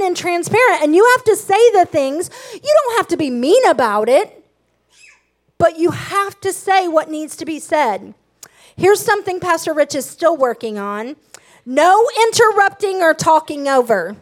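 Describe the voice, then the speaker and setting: Very high-voiced emphatic woman preaching. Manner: emphatic, passionate, self-revealing. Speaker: pastor's wife and co-pastor. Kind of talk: sermon on marriage.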